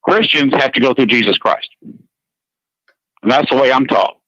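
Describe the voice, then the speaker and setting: This Georgia man, speaking in a US Southern accent, chats casually on the radio, earnest and a bit rambling, often repeating himself. His mid-range voice moves at a measured pace, fairly bright with a breathy edge. There's no room sound, and the recording has a dull, dry radio quality.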